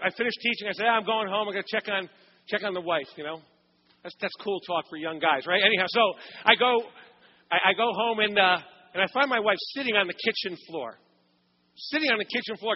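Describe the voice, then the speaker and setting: A middle-aged man preaching a sermon, praying and telling a story with animated storytelling and acted-out voices. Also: high voice, big-room sound, muffled recording. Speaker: pastor. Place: church sanctuary.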